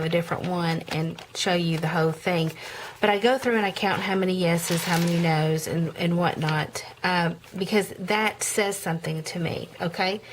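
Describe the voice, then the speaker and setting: A woman's voice: fairly low pitch, background noise. Chatty woman showing her prayer journal. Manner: chatty, with frequent ums and self-corrections. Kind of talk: casual show-and-tell vlog.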